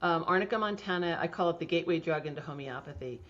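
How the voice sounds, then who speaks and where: A middle-aged woman who practices homeopathy is a guest in a casual interview, telling stories in a relaxed, chatty way, laughing often and using plenty of fillers. Her voice is slightly low and her pace quick. The recording sounds dull and lo-fi.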